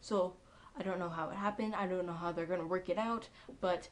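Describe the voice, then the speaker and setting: A woman giving a casual, excitable recap of a TV episode, chatty and full of ums and likes. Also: on the low side, a little fast. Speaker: TV episode reviewer.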